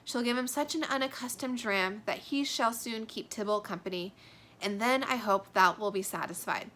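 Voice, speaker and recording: A woman's voice: medium pitch, moderate pace, pushed and bright, lightly acted. A woman reading stern Lady Capulet, scolding. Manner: scolding, commanding verse reading. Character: stern noblewoman mother, Lady Capulet, cold and vengeful. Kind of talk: dramatic reading of a play.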